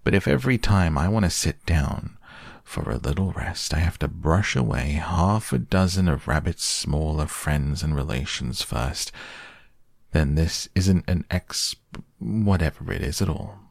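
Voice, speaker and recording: A man doing a slow, gloomy old donkey. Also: a bass voice, lively intonation, vocal fry, no echo, studio quality, full character voice. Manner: slow, droning complaints.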